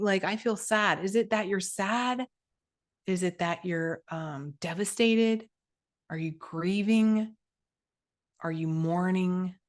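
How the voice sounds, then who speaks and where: Woman podcast coach, middle-aged, lowish voice, direct and lively, prone to side notes. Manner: direct, energetic, talks with her hands in her voice, many asides. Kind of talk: solo podcast teaching.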